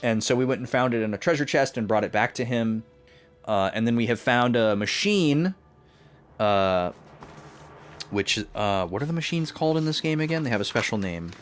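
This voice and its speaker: A man's voice: mid-range voice, expressive, normal speed, a little hiss or hum. A man streaming a video game, casually recapping last week's progress with many filler sounds and restarts. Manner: rambling with many filler uhs. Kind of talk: casual let's-play recap.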